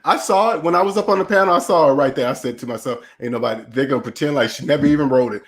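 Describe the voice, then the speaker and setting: A man's voice: mid-range voice, racing. A man hosting a livestream, ranting in a preachy, mocking way while reading chat, with a voice still getting over a cold. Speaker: channel host.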